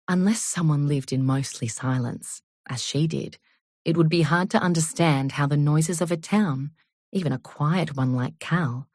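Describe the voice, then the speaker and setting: Woman reading a novel out loud, pretty low voice, slow and steady, dead dry mic. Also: dry recording. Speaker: audiobook narrator. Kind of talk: scripted audiobook narration.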